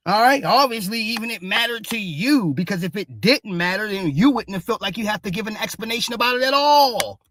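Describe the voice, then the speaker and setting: Heated mocking man, bright tense voice. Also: high voice, slight background noise. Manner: heated and mocking, repeats "all right?" constantly, profane. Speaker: commentary show host. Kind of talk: ranting commentary on social media posts.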